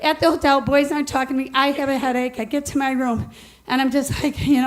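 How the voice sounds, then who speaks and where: A middle-aged woman telling a personal story to an audience, animated and laughing as she goes, acting out what others said. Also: high voice, fast talker.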